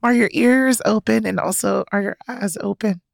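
A playful woman co-hosting a podcast, chatting casually and teasing her co-host. Her voice carries a gravelly fry at mid pitch. The sound is dry and close, with no room around it. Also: fairly even intonation, moderate pace, no room sound. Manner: playful, joking, laughs often.

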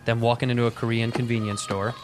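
A man's voice: mid-range voice, flat delivery, fast talker, over music. A man hosting a casual podcast, joking around and pushing his guest on. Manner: joking, pushy, prompting. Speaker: podcast host.

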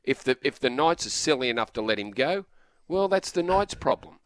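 A man co-hosting sports radio who puts the counterargument calmly. His voice is mid-pitched. It is recorded close and dry in the studio. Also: smooth, no room sound. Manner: measured, argues the other side. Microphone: studio microphone.

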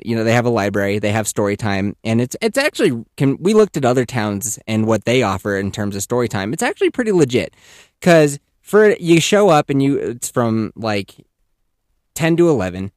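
A man in his thirties telling a casual, animated story as a podcast host, swearing freely and acting out voices. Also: medium pitch, no room sound, studio quality.

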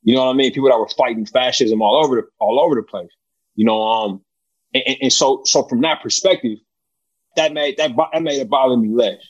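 A man from Oakland answers as an interview guest, halting and circling back over his words while he tries to get a point across. His voice has a middle pitch, and the audio is a little dull and muffled. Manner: halting, repeats words, keeps saying "you know what I mean". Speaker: film director, guest.

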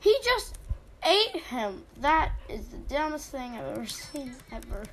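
A woman's voice: high-pitched, very animated, unhurried, fairly bright tone, a little hiss or hum, rough recording. A young woman rambling through casual, silly game commentary, easily surprised, with game music playing behind.

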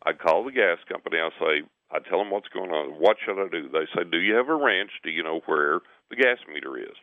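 Low-voiced man telling a story over a phone line. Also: animated, brisk, dry recording. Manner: acts out quotes, repeats words, laughs mid-sentence. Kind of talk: animated personal storytelling. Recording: tinny phone line on radio.

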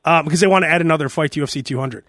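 A man hosting a podcast in casual chat, animated and jumping between topics. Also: a little high, racing, no echo, clean studio sound. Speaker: podcast host.

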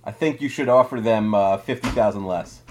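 A man from Long Island co-hosting a casual podcast, teasing the others with deadpan jokes. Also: on the low side, moderate pace, slight background noise. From Five Towns, Long Island. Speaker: podcast co-host.

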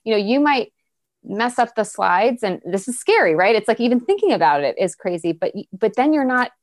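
A woman's voice: fairly high pitch, expressive, brisk. A woman guest speaking as an author and coach in a casual podcast conversation, with an encouraging, coaching tone.

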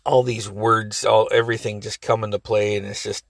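A man's voice: on the low side, little pitch movement, normal speed, gravelly, dry recording, clean studio sound. A man in his forties casually telling a family story, rambling, cursing and laughing often.

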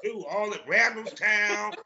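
A man's voice: high-pitched, measured pace, vocal fry, sharp tone, dull audio. A man hosting a podcast in casual chat, loose and enthusiastic, swearing freely. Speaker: podcast host.

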